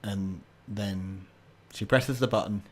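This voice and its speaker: Slow, low-voiced game master. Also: male voice, slight background noise. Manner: halting, many fillers and restarts. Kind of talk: narrating a tabletop game.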